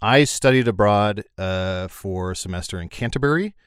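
A man co-hosting a casual podcast chat, telling stories in a lively, joking way. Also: fairly low pitch, moderate pace, clean tone, dry recording, studio quality. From Illinois. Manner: animated storyteller, jokey. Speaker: podcast co-host.

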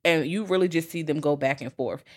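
Low-voiced woman podcast co-host, profane. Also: fairly quick. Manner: profane, lively, acts out quotes in character. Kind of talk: casual film chat.

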